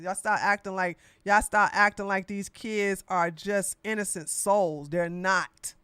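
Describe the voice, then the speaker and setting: A woman's voice: mid-range voice, a bit bright, dry recording. A woman hosting a political podcast, talking in a blunt, sassy, mocking way with lots of slang. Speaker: podcast host. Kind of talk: casual political commentary.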